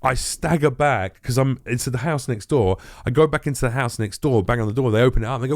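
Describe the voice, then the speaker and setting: A middle-aged comedian tells a wild story casually, swearing freely and acting out the other people's voices. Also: male voice, mid-range voice, fast talker, hardly any pauses. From England. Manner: profane, animated, acts out quoted voices. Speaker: comedian guest.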